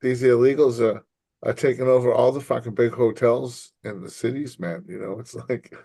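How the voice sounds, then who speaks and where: Profane, animated New man. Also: medium pitch, normal speed, gravelly, no echo. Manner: profane, animated storyteller acting out quotes. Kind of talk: casual chat.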